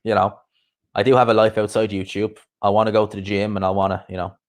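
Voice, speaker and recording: A young man talks in a loose, rambling way, hopping from one aside to the next. His voice sits a little on the low side, and he keeps a relaxed, casual live-stream manner throughout. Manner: rambling, chatty, quick asides and laughs. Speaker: YouTube boxing streamer.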